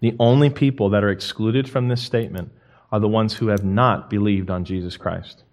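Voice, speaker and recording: A young man preaching a sermon, emphatic and lively, swinging from quiet to loud. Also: fairly low pitch, moderate pace. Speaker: pastor.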